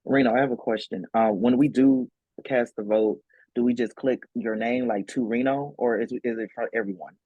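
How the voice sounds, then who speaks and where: A man's voice: medium pitch, fairly even intonation, moderate pace, husky, dry recording, phone-quality sound. Swaggering, slangy young man. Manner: swaggering, slangy self-hype. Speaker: game contestant. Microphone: video call.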